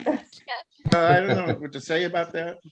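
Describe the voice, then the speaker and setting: A rambling, stammering comic man from Southern California, riffing over a video call. His voice sits fairly high and he keeps breaking into laughter at his own jokes. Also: moderate pace, over a noisy crowd. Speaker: stand-up comic.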